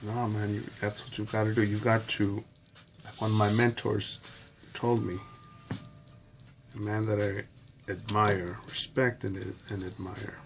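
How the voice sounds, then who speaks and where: An adult man vlogging in a rambling, profane, reflective monologue full of pauses and fillers. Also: on the low side, flat delivery.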